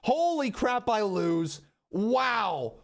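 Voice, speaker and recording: Excitable man reacting loudly. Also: sits high, drawn-out words. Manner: excitable, yelps and shouts in reaction; playful, self-mocking. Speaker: wrestling YouTuber. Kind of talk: casual reaction commentary.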